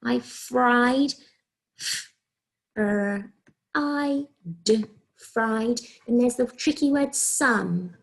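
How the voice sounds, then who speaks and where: A woman with an English accent, a primary school teacher giving a recorded phonics lesson to young children, speaking slowly and clearly as she sounds out letters. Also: on the high side. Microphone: recorded video lesson.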